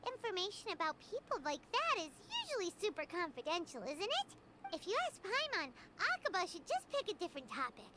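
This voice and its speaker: A woman voicing a small, chatty, excitable female fairy companion in a video game. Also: fairly quick, very noisy. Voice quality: high squeaky voice.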